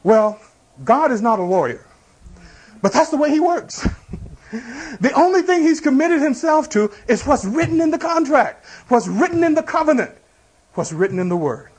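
Pastor, male, high-pitched voice, preaches with rhetorical questions and everyday illustrations. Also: very animated, normal speed, a little mellow. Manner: preaching with rhetorical questions and congregation call-outs. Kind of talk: sermon.

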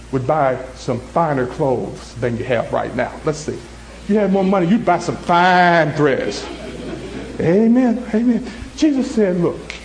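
A male pastor preaching with a voice pitched high for a man. His delivery is animated, climbing into excited high tones and dropping into soft, low ones. He acts out characters in short stories to make his points. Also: roomy sound, a little hiss or hum, poor audio. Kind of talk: sermon.

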